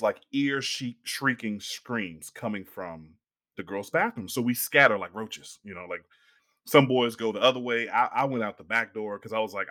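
A young man telling a long story in casual podcast chat, animated and acting out the people he quotes. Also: mid-range voice.

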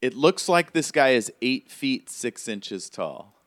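A man's voice: medium pitch, very animated, slow, fairly bright tone. Guy game-mastering a tabletop game, loose rambly scene descriptions, lots of "like". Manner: describing scenes with many "like" fillers.

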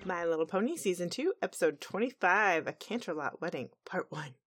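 A woman's voice: fairly low pitch, expressive, brisk, over loud music. A woman co-hosting a podcast, recapping a cartoon episode in a chatty, laid-back way. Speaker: podcast co-host.

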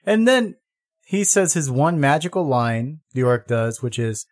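A man's voice: mid-range voice, measured pace. Guy ranting about a cheesy fantasy flick, voice jumps all over, does silly impressions. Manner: animated, mocks lines in exaggerated voices. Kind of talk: casual movie review chat.

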